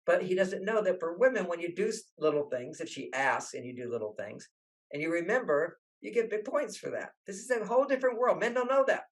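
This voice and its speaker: A man's voice: sits high, a little fast, low-quality recording. An older man, a relationship author, telling stories in an interview and acting out the voices he quotes. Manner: animated, acts out quoted voices. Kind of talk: storytelling interview talk.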